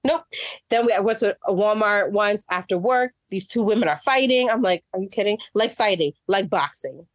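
A woman telling a story in casual chat, animated and acting out what people said, getting exasperated as she goes. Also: medium pitch, moderate pace, no room sound, studio quality. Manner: animated, acts out quotes, rising exasperation. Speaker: guest.

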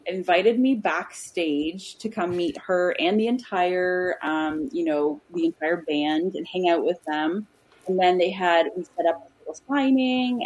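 Young woman author as guest, husky, lower side, rambling chatty storyteller. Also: darkish tone. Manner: chatty, many ums and restarts. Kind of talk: casual interview storytelling.

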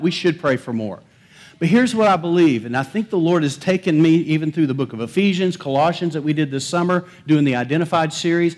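Pastor, male, higher-pitched, chatty sermon delivery, quizzes the pews. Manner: conversational preaching, asks the congregation questions. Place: church sanctuary.

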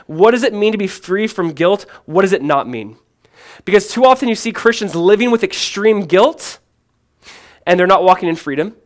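Earnest pastor preaching, man with raised pitch. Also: expressive, moderate pace. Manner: earnest and emphatic, asks and answers questions, swings from loud to hushed; conversational, drops in "man". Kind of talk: sermon.

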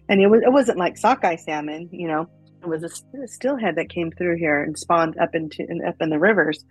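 A woman telling a traditional story in a casual, animated way, full of fillers. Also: lowish voice, fairly quick, husky, faint music behind, rough recording. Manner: animated, chatty, many fillers.

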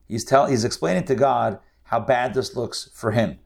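A man's voice: mid-range voice, fairly even intonation, moderate pace, vocal fry, darkish tone, slight background noise. A man teaching a scripture lesson in an emphatic, conversational storytelling manner. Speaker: Bible teacher.

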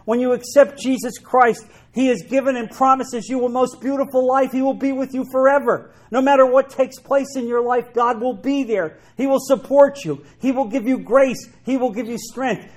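Man, preacher, sermon, high-pitched voice, emphatic, repeats himself for emphasis. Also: fairly even intonation, moderate pace, hardly any pauses. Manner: emphatic, repeats key phrases.

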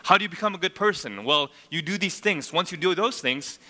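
A man preaching a sermon, his voice very bright and slightly higher than most men's. He works through scripture in an expository way, keeps asking his listeners rhetorical questions, and his words ring out with a long reverb from a large church hall. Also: lively intonation, brisk. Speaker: pastor.

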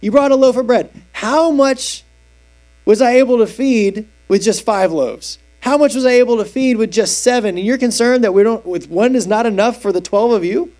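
A man's voice: extremely high pitch, moderate pace, a little mellow, voice pushed up. A man putting on the voice of Jesus as an exasperated, fed-up teacher who talks in a sarcastic, incredulous way.

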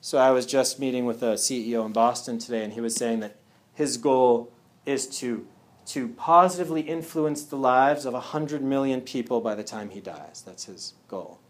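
A man's voice: mid-range voice, normal speed. A man speaking casually to a live audience at a wellness talk. He often checks in with "yeah?" and "right?".

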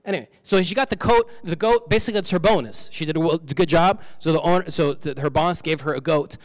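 A man's voice: on the high side, fast, dry recording, long reverb tail. A man preaching a sermon in a conversational way, repeating key phrases for emphasis.

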